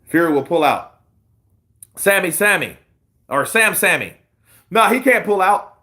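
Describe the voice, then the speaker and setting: A man hosting live boxing commentary, excitable and profane, laughing often. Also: sits high, a little slow. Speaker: boxing news host. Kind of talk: casual live-stream commentary.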